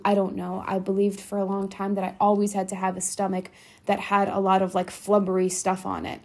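A woman's voice: mid-range voice, little pitch movement, fairly quick, darkish tone. Blunt, swearing woman podcast host. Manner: blunt, swears freely, emphatic. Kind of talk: motivational solo podcast talk.

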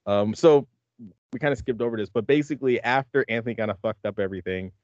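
A man's voice: mid-range voice, quick pace, a little mellow, dry recording, dull audio. A man hosting a podcast in casual chat, rambling and laughing often as he talks. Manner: rambling, laughs often, acts out movie lines. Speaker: podcast host.

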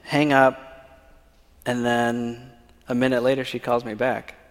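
A man's voice: medium pitch, monotone, measured pace. A man giving a personal testimony at church, telling his story and often checking in with the audience with "okay?". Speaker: church speaker. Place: church sanctuary. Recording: long reverb of a large hall.

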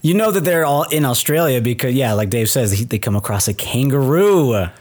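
A man's voice: medium pitch, expressive, a little fast, darkish tone. A man co-hosting a casual movie review podcast, laughing often and riffing on jokes. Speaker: podcast co-host.

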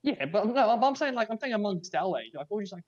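Fast-talking young Australian man, high voice. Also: sing-song. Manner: joking, rapid rambling. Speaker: podcast co-host. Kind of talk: casual chat. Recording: dull lo-fi sound.

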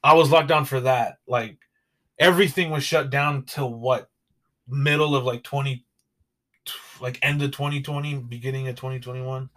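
This young man co-hosts a podcast, and his voice is medium-pitched, steady, a bit bright, and delivered at normal speed. He chats casually and rambles, dropping fillers and swearing along the way.

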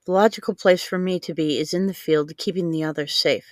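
A woman voicing a young, highly trained female agent who speaks evenly while frustrated. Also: brisk, no echo, studio quality, close to an everyday voice. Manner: even, frustrated.

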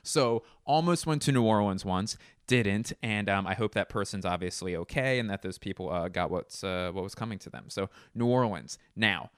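A man talking loosely through a comedic monologue, swearing freely and going off on side jokes. His voice sits on the low side and comes across smooth and clear. The sound is close and dry, with no room in it. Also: expressive, normal speed, no room sound. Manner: rambling, profane, jokey asides.

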